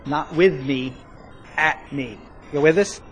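A man telling his recovery story to a live audience, rambling and self-mocking, with bursts of loud emphasis. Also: a little high, slow pace, a little hiss or hum, rough recording. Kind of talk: spoken testimony to a live audience.

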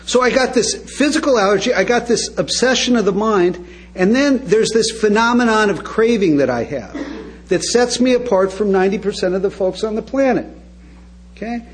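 A high-voiced man telling wry stories to a meeting. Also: normal speed, poor audio. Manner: wry, comic, addresses the audience directly. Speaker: speaker at a recovery meeting. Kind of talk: storytelling talk to an audience.

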